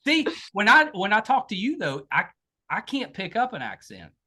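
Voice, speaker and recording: A podcast host from West Virginia, this woman has a strong Southern drawl and a mid-range, sharp-toned voice. She chats through a casual interview in a talkative, self-deprecating way.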